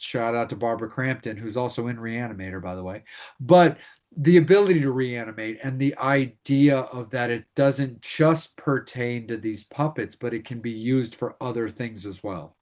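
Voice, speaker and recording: A man's voice: mid-range voice, a little mellow. Laid-back man steering a podcast chat. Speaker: podcast co-host. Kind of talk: casual chat.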